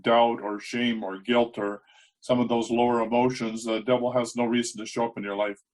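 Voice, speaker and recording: A man hosting an interview, talking in a relaxed, affirming, reflective way. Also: medium pitch, moderate pace. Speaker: host. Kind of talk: casual interview conversation.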